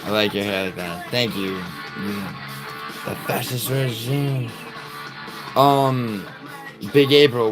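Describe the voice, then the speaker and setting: A man's voice: fairly low pitch, low-quality recording. A man from New York hosting a livestream, rambling and swearing as he answers chat aloud. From New York, United States. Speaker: livestream host. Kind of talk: casual livestream chat reading. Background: music playing.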